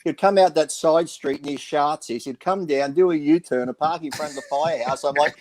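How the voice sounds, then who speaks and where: A man's voice: fairly high pitch, brisk, few pauses, darkish tone. A man telling rambling gym anecdotes in a casual radio talk show, acting out the quoted lines. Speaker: podcast panelist. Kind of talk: casual storytelling chat.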